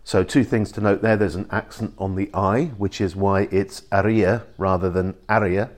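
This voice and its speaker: A man's voice: sits low, flat delivery, normal speed. A man hosting an island information site, recording a casual voice message that explains pronunciation, chatty and explanatory with frequent ums and restarts.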